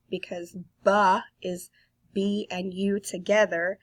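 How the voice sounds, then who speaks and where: A woman with a Southern US accent leads a recorded phonics lesson for young children. She speaks very slowly and patiently, sounding out each letter for the children to repeat. Her pitch sits in a middle range. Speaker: kindergarten teacher.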